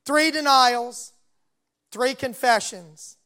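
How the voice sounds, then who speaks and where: A man's voice: extremely high pitch, unhurried, long pauses, a bit bright, clear, resonant tone. A man preaching a sermon and retelling a Bible story, voicing its dialogue along the way.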